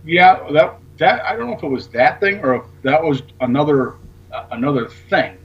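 A man's voice: on the high side, lively intonation, moderate pace, muffled recording. A man, a talk show guest, telling a rambling story in casual chat and acting out the lines of the people in it. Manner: rambling, acts out quoted dialogue, swears casually.

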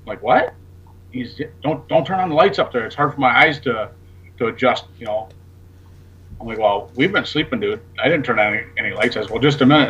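A man with a husky, somewhat rough voice tells a story in loose, rambling fashion, now and then swearing. He plays out each back-and-forth himself, and the recording sounds dull and lo-fi. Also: medium pitch, fairly bright tone. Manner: rambling, acts out quoted dialogue, swears casually. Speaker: guest. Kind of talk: casual storytelling on a talk show.

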